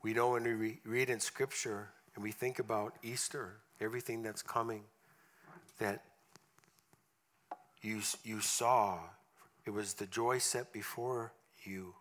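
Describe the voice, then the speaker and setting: Man, bright clear tone, earnest sermon, church service. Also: on the low side, steady tone, a little slow. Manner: earnest, with soft drops in prayer. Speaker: guest preacher. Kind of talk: storytelling sermon and prayer.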